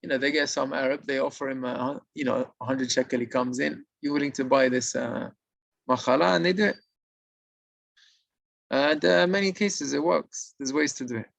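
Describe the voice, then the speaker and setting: A man's voice: moderate pace, creaky, no room sound. A man telling a religious moral story, acting out the characters' lines. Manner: animated, acts out the characters' lines with higher pitch.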